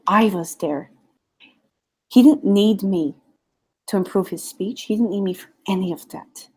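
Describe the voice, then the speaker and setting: A woman's voice: lowish voice, a little mellow, rough recording. A woman voicing a protective young woman who speaks to a rival in a firm, confrontational way.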